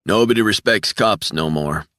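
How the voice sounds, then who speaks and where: A man's voice: lowish voice, normal speed, a bit bright, dry recording, clean studio sound, pitched above the performer's own voice, lightly acted. A man voicing a burly, red-faced former police officer who swears and talks in a heated, raised voice.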